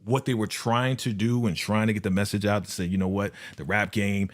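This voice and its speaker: A man's voice: on the low side, a little fast. A man hosting a live review show in casual, slang-filled chat, often laughing and speaking straight to his viewers. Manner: animated, laughing, slangy, acts out quotes. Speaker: host of a live TV episode review.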